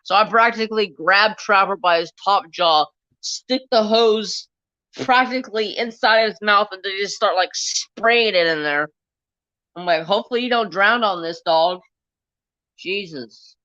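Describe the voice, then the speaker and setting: Casual male stream host with a bright, tense voice, chatty and profane, recorded dry and a bit lo-fi. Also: high voice, measured pace, clear, resonant tone, no room sound. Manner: rambling, animated, swears freely. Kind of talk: casual storytelling chat. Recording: slightly dull, lo-fi sound.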